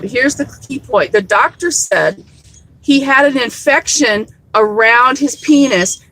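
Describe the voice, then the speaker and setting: Woman vlogger, fairly high voice, dry close sound, rambling candid storyteller, salty language. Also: a bit bright, dry recording, poor audio. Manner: rambling, candid, swears freely. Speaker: activist vlogger. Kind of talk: casual storytelling to viewers.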